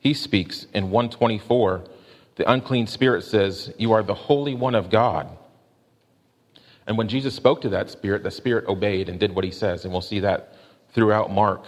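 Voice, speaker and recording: A man preaching a sermon in a measured way, slowing down to stress questions and quotes. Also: lowish voice. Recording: long hall reverb.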